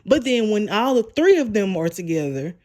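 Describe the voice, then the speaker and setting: A woman's voice: medium pitch, sing-song, moderate pace, background noise. A young adult woman giving a casual recap of a TV episode, retelling scenes and acting out the characters' lines. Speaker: TV show reviewer.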